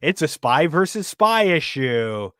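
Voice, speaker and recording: A man's voice: on the high side, sing-song, unhurried, a bit bright, smooth, no room sound. A man co-hosting a podcast in casual chat, laid-back and laughing often.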